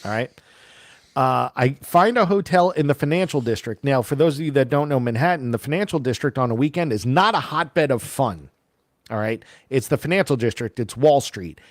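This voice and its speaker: A man tells a long story on a casual podcast. He is animated and acts out each person's lines as he goes. The sound is dry and close, with no room around it. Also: medium pitch, moderate pace, dry recording. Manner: animated, acts out quoted voices. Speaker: podcast co-host.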